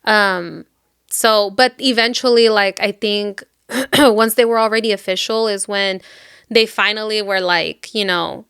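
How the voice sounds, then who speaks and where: Brief: female book podcast host, rambling chatty delivery, smooth clear tone, dry close sound. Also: mid-range voice, unhurried, a bit bright, dry recording. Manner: rambling, filler-heavy retelling. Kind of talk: casual chat.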